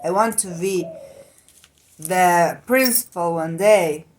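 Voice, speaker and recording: A woman's voice: fairly low pitch, slow, a little mellow, a little hiss or hum. A woman with a Mexican accent voicing a teenage girl pleading for a chance with her friends. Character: pleading teen girl, second in group.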